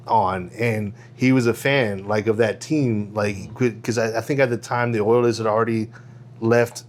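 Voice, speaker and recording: A man's voice: lowish voice, fairly even intonation, moderate pace, a little hiss or hum. A man from Houston hosting a casual podcast, rambling through a story with restarts and frequent laughs. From Houston, Texas. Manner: rambling, self-correcting storyteller who laughs often. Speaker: podcast host.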